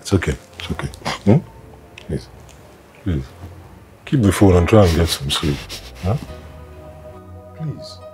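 An actor with a Nigerian accent playing a devout husband consoling his wife, speaking in a gentle, pleading, reassuring way. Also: low voice, sing-song, measured pace, pauses often, soft background music. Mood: coaxing. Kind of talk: film drama acting.

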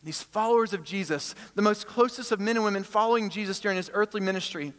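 A man preaching a sermon, emphatic, swinging between loud high bursts and quiet low stretches. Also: fast talker, few pauses. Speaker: pastor. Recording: long hall reverb.

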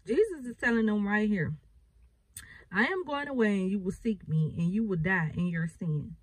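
A woman's voice: medium pitch, expressive, normal speed, slightly rough, dry recording, low-quality recording. A woman preacher, reading scripture and explaining it with emphatic repetition. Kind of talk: bible reading and sermon.

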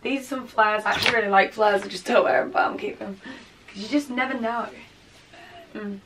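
A young woman with a Yorkshire accent chatting excitedly to camera at home as she sorts her things. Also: medium pitch, brisk, a little hiss or hum. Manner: chatty and excitable, talks to camera while sorting. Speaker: vlogger. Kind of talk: casual vlog chat. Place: bedroom at home.

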